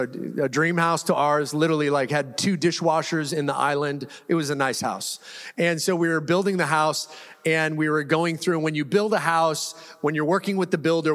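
A man's voice: a little high, fairly bright tone. A male pastor preaching to a congregation, telling a personal story in a casual, self-deprecating way with frequent laughter. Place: church hall with a congregation. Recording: echoey hall.

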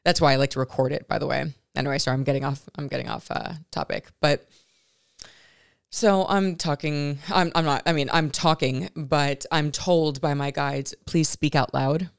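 Low, gravelly-voiced woman telling a story. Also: steady tone. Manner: rambling, halting, full of self-corrections; soft-spoken, drifting into near whispers. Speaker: vlogger. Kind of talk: reflective personal storytelling.

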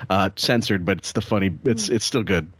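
A man hosting a casual podcast, chatting between clips, swearing and breaking into loud laughter. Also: lowish voice, a little fast, slightly rough, no room sound. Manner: laughs loudly, swears, talks over clips. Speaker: podcast host.

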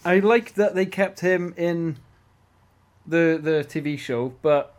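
A man chatting casually on a podcast, his voice sitting a little high. He gets animated, swears freely and restarts his sentences as ideas pile up. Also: slow. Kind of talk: casual chat.

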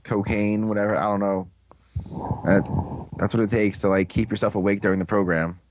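A man's voice: fairly low pitch, flat delivery, normal speed, noisy background. A young man co-hosting a casual recap podcast, rambling and crude with a sarcastic edge. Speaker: podcast co-host.

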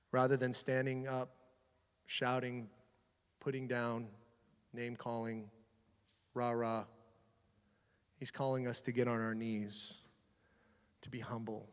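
A man's voice: medium pitch, big-room sound. A male pastor preaching a sermon on a church stage, telling Bible stories with animation and urging the congregation in an earnest voice. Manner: animated storytelling that drops to soft, earnest exhortation.

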